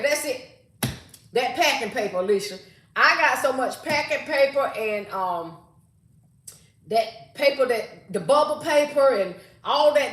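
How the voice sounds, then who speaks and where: Chatty woman greeting viewers in an echoey room. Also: fairly high pitch. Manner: reads comments aloud and greets viewers by name. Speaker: livestream host reading viewer comments. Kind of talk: casual livestream chat.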